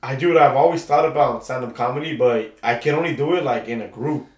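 A man's voice: mid-range voice, a little fast. A man co-hosting a podcast in casual chat, laid-back and swearing a lot, saying dude often. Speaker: podcast co-host. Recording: echoey room.

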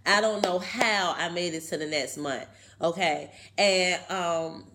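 A woman's voice: lowish voice, measured pace, pushed and bright. Chatty woman, motivational talk to camera, keeps saying okay, emphatic. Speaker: video host.

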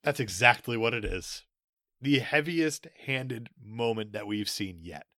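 A man's voice: medium pitch, expressive, a little slow, pushed and bright, no echo, clean studio sound. A man co-hosting a podcast, casual and sarcastic, laughing often and sounding a little tipsy. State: slightly tipsy. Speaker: podcast co-host. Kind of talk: casual comedic chat.

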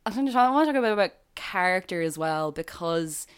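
A woman with an Irish accent talking casually as a podcast co-host, animated and chatty with lots of fillers and frequent laughs. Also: fairly low pitch, fast, smooth. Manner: laughs often while talking. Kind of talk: casual chat.

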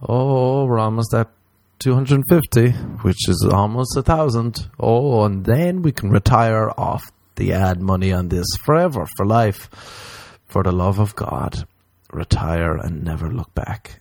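Low-voiced man rambling on a podcast. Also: unhurried, a little mellow, no echo. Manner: profane, self-mocking, rambling. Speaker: podcast host. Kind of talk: casual rambling comedy podcast.

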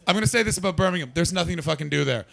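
A brash man works the crowd as a stand-up comic. His voice carries a gravelly rasp, and he teases, swears and pushes hard at the people he picks on. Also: fairly high pitch, expressive, racing, fairly bright tone. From Canada. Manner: brash, profane, teasing. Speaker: stand-up comedian.

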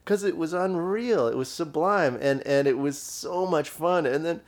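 A man, a musician guest, telling a story in casual chat, animated and profane with lots of restarts. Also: fairly high pitch, normal speed. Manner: animated, swearing, many restarts and fillers.

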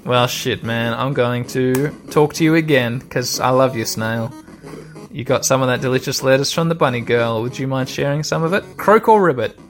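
A man's voice: mid-range voice, moderate pace, faint music behind. A man casually commenting on a video game as he plays, rambling and swearing freely. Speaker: gamer. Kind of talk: casual let's-play commentary.

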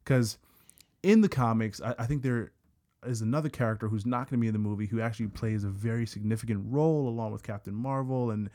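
A man's voice: medium pitch, fast talker, warm tone. A man co-hosting a casual podcast, talking in rambling stretches with stammered restarts. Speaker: podcast co-host.

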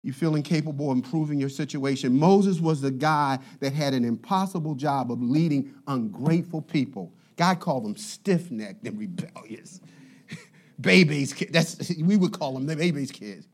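A male pastor preaching a sermon in an animated, conversational way with playful asides. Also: a little high, normal speed.

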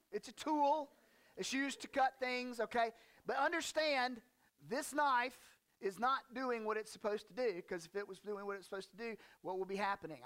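A man with a fairly high voice delivering a relaxed, conversational sermon as a pastor. He talks in a folksy, joking way, tossing in slang asides. When he reads scripture he punches it with animated emphasis.

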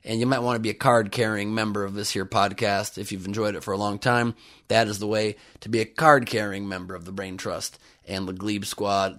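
A man's voice: lowish voice, little pitch movement, a little fast, fairly bright tone. A man hosting a podcast, delivering a comedic news monologue in a sarcastic, jokey manner. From United States. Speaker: podcast host.

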